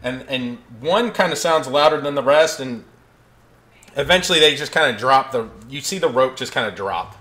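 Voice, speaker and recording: A man runs a tabletop game, describing rooms and calling for checks. His voice sits in an ordinary middle pitch. He talks hesitantly, pausing and restarting often. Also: lively intonation, pushed and bright. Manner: hesitant, many ums and restarts. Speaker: game master.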